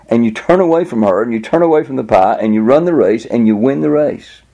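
A man preaching a sermon, telling illustrations with halting restarts and raising his pitch to act out quoted voices. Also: animated, vocal fry, mellow.

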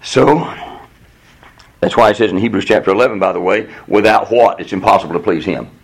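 A man teaching a Bible study in a lively, conversational way, often leaping high in pitch to voice God's replies. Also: brisk, slightly rough. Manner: animated, jumps to a high voice when quoting God. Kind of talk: Bible teaching with class discussion.

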